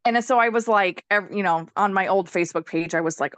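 Candid, animated woman telling her story. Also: medium pitch, a little fast, few pauses, no echo. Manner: animated and candid, laughs often, swears freely. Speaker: podcast guest, healer. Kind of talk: casual storytelling in a conversation.

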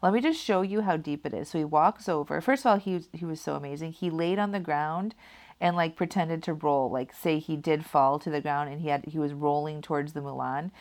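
A woman's voice: low voice, steady tone, brisk, darkish tone. A woman casually telling a personal story, rambling with many fillers and laughing at herself. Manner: rambling, heavy use of "like" and "kinda".

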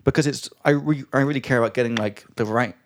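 A man hosting a podcast in casual chat, animated and laughing as he tells stories. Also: mid-range voice, quick pace, slight background noise. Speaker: podcast host.

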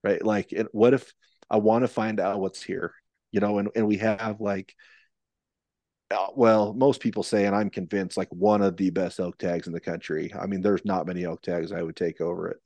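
A man's voice: low voice, flat delivery, moderate pace, a little mellow, dry recording. A man telling a long story in casual podcast conversation, rambling with many restarts and fillers. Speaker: podcast guest, elk hunter.

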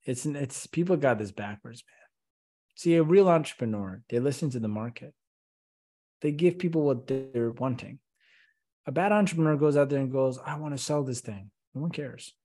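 A man being interviewed on a podcast, speaking with real passion and energy. He leans on rhetorical questions to make his point, and his voice sits in a middle pitch. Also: lively intonation, normal speed, warm tone. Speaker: podcast guest, company CEO. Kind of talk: conversational interview.

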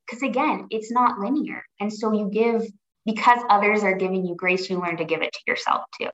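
A woman telling her personal story as a podcast guest, earnest and reflective, often pausing to rephrase. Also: mid-range voice. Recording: roomy, dull lo-fi audio.

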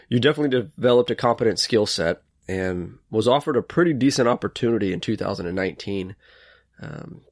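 A man hosting an interview, asking his questions in a measured, explanatory way. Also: lowish voice, dry recording, clean studio sound. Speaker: host, horse trainer. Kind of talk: interview host.

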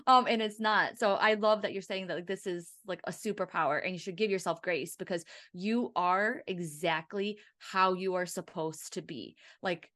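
A woman hosting a podcast in casual chat, chatty and quick to laugh, with animated asides. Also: mid-range voice. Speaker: podcast host.

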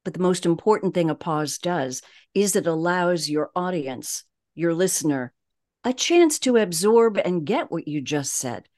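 Woman, Long Island New York accent, fairly low voice, voice coach, measured podcast talk. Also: animated, darkish tone. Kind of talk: podcast interview.

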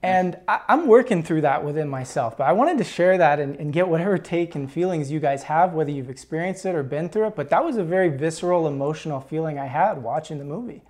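A man hosting a podcast, talking in a halting, emotional way with many restarts. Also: a little high, animated, darkish tone. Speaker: podcast host. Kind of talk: conversational interview.

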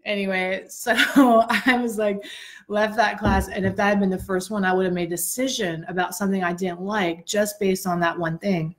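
Woman podcast host, chatty and animated, a bit out of breath, mid-pitched voice, talks right at the listeners. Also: moderate pace. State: slightly out of breath. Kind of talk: casual storytelling chat.

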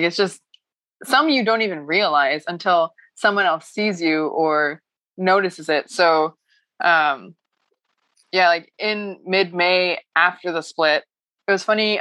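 A woman's voice: on the low side, fairly bright tone, no room sound. A woman talking about her personal growth as a coaching client, emotional and laughing often as she rambles. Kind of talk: casual heartfelt chat.

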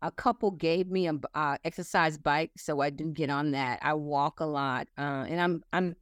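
Lady in her 60s, lowish voice, earnest, chatty, laughs a lot, dry close sound. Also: normal speed, no room sound. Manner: earnest, laughing, animated retelling. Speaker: interview guest. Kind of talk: casual chat.

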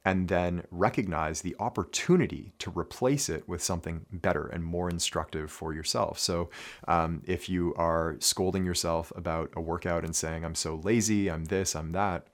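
A man's voice: sits low, fairly even intonation, normal speed. A man giving an instructional talk on athlete mindset as a coach, earnest and repeating his key phrases with frequent check-ins like "right?".

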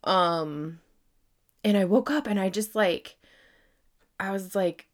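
A woman's voice: medium pitch, slow pace. A woman hosting a casual solo podcast, rambling and earnest, with lots of filler words and swearing, growing emphatic when she makes a point. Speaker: podcast host.

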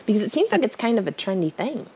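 A woman's voice: fairly high pitch, very animated, fast, mellow, slight background noise. A woman co-hosting a podcast in casual chat, telling stories and laughing often. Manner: chatty storyteller, laughs often. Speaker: podcast co-host.

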